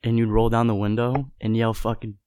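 A young man in his twenties, a podcast co-host, chatting in an excitable, profane way. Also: lowish voice, fairly quick, clear, resonant tone. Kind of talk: casual chat.

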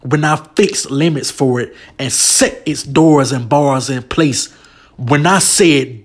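A man's voice: mid-range voice, slow pace, breathy edge. A man preaching a sermon with emotional, emphatic delivery. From United States.

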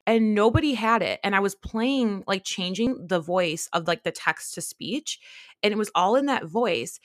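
With a medium-pitched voice and lively intonation, a young woman from the United States co-hosts a casual podcast chat. The studio sound is clean with no echo, and she gushes, filling her talk with "like" and rapid asides.

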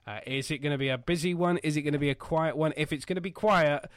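A man's voice: fairly high pitch, quick pace, no room sound, studio quality. A man hosting a casual football podcast from home, joking and rambling with lots of fillers. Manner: jokey and rambling, with many fillers. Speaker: podcast host.

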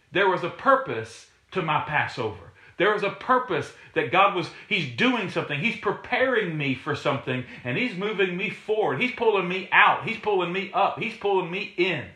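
A man's voice: high voice, bright, forceful tone. Emphatic preacher man in an echoey room. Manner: emphatic, repetitive, rising to exhortation. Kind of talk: sermon.

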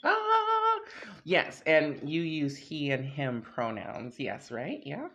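A woman's voice: rumbling low, slow. A woman hosting a podcast, chatting casually and introducing her guest with lots of fillers. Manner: chatty, warm-hearted, filler-heavy. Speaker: podcast host.

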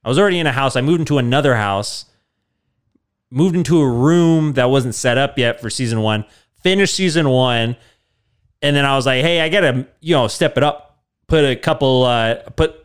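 A man hosting a podcast, telling a rambling, deadpan comic story full of fillers. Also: medium pitch, moderate pace, clean tone. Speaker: podcast host. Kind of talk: casual comedic storytelling.

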